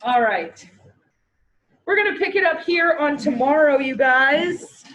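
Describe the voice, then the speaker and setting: A woman's voice: sits high, animated, a little slow, fairly bright tone, dull audio, a little hiss or hum. Chatty Canadian woman teacher. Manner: chatty, joking, encouraging. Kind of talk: online class lecture.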